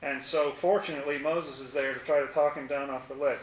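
A man's voice: medium pitch, fairly even intonation, fairly quick, echoey room, muffled recording, slight background noise. A man leading a casual Bible study, explaining passages with playful asides.

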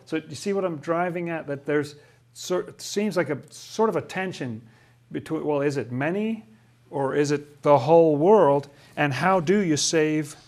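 A man's voice: on the high side, normal speed. Questioning man leading a Bible study. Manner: questioning, thinking aloud. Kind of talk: casual Bible study discussion.

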